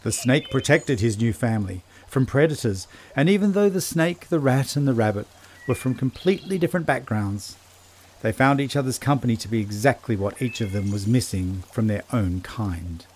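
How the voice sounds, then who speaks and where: A man narrating a children's story in a gentle, measured storytelling voice. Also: mid-range voice, lively intonation, slight background noise.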